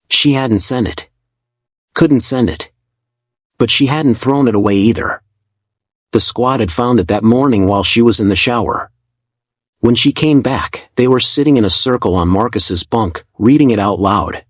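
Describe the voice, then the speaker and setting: A man narrating a dramatic story in a calm, measured, scripted way. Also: medium pitch, husky, no echo.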